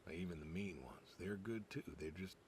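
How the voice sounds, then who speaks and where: A man doing an old farmer saying goodbye, halting, very low voice, rural drawl, hissy game audio. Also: close to an everyday voice. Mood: wistful. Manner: halting, regretful, soft-spoken. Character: grieving older farmer saying goodbye to his dog. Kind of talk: video game voice acting.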